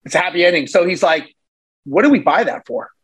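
A man guest on a podcast, telling a story in a casual, animated way and acting out the voices of the people in it. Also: fairly high pitch, fairly quick, husky, rough recording. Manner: animated, acts out voices in his stories. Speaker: podcast guest, real estate investor.

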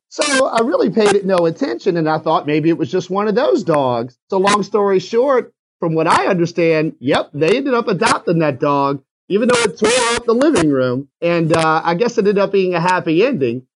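A man's voice: high-pitched, slight background noise, rough recording. A man with a South Louisiana accent, a realtor telling a story in a casual interview, acting out the phone calls as he goes.

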